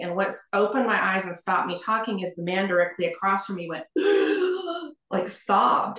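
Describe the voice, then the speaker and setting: A middle-aged woman, a guest on an interview, telling her story in a lively way, often laughing and acting out the people she quotes. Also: mid-range voice. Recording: roomy echo.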